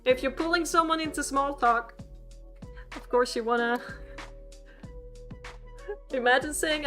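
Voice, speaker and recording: A woman gives a relaxed streamed language lesson. Her voice is bright and crisp, and she chats along and often laughs at her own jokes. Faint music plays behind her. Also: fairly high pitch, moderate pace, pauses often. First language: Swedish. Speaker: VTuber language teacher.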